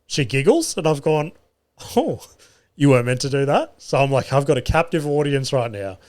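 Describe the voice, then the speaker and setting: A man's voice: medium pitch, very animated, normal speed, a little mellow. An Australian man, a comedian hosting his own podcast, telling stories in a chatty, self-mocking way with plenty of swearing. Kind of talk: casual solo podcast storytelling. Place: podcast studio.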